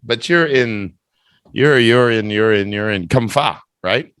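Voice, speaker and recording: A man teaching English on a video call in a teasing, chatty manner. His voice sits at a middle pitch and sounds dry and close, with no room around it. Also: a little slow, a bit bright, clean tone, dry recording. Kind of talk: online speaking test over video call.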